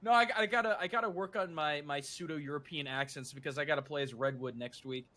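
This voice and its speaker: A man's voice: on the high side, a little fast, sharp tone. A man chatting casually on a live stream, frank and given to blunt rants. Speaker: art streamer.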